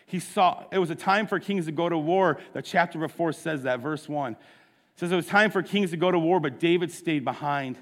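Fairly high-voiced man preaching in a reverberant hall. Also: moderate pace. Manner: storytelling, casual retelling with asides. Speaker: pastor. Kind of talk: sermon.

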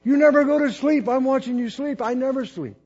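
Husky high-voiced man preaching folksy. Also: brisk, a little mellow, highs cut off. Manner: folksy, rambling with restarts and laughs. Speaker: missionary preacher. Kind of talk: storytelling sermon.

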